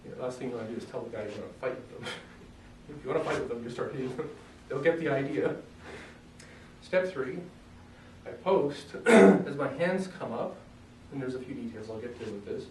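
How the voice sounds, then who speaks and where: A man's voice: mid-range voice, brisk, slight background noise. Joking man teaching from far off. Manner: relaxed, joking, often clears throat. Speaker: self-defense instructor. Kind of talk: casual demonstration lesson. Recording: roomy echo, mic far off, faint ambience.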